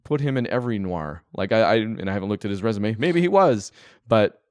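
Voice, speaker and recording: A man's voice: lowish voice, lively intonation, a little fast, darkish tone, dry recording. A man co-hosting a podcast, chatting casually and enthusiastically about a film, rambling a little with restarts. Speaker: podcast co-host.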